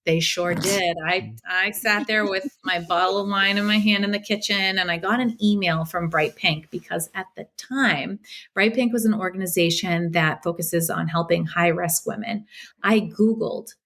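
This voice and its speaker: Lively storytelling woman, slightly low voice. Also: moderate pace. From Boston area. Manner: animated, acts out quotes, laughs often. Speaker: podcast guest. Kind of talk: casual storytelling interview.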